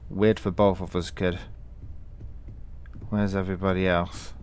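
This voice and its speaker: A man playing through a video game, talking back to its characters in a gentle, reassuring, rambling way. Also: low-pitched, little pitch movement, a little slow, slight background noise. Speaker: let's play gamer.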